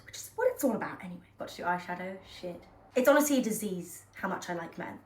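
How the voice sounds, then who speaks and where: A woman's voice: on the low side, lively intonation, fast talker, roomy sound, far from the mic, poor audio. A woman in her twenties chatting candidly about dating while doing her makeup, self-mocking and casual. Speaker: vlogger. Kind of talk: casual get-ready-with-me chat.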